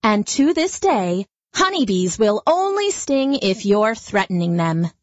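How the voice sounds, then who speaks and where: A woman narrating a children's story in a gentle, lively storytelling manner. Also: medium pitch, unhurried, dry recording, lo-fi sound.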